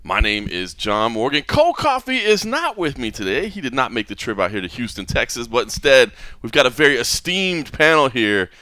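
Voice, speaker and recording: A man hosting a podcast in casual chat, lively and rambling, with plenty of fillers and restarts. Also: mid-range voice, normal speed, no room sound. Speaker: podcast host. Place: hotel or venue room.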